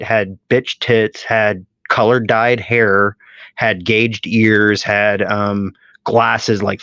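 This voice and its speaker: A man's voice: mid-range voice, a bit bright, no room sound. Profane rambling man, dull lo-fi sound. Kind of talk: casual podcast chat. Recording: dull lo-fi audio.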